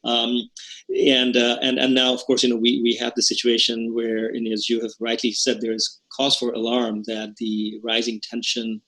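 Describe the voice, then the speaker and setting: A man's voice: medium pitch, monotone, moderate pace, bright, forceful tone, low-quality recording. A man hosting a podcast interview, asking long conversational questions with many fillers. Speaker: podcast host.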